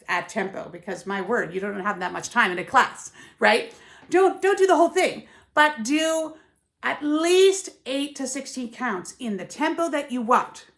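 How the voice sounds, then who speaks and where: A woman's voice: fairly high pitch, creaky, a bit bright. A woman who teaches ballet, giving emphatic, musical teaching tips and often checking in with "yeah?" and "right?". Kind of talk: teaching tips to camera, with sung counts.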